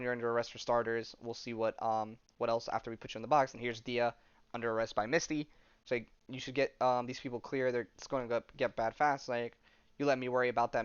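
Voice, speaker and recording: A man's voice: mid-range voice, smooth, no echo, highs cut off. A male podcast host casually retelling a comic story, reading the dialogue aloud with lots of fillers and swearing.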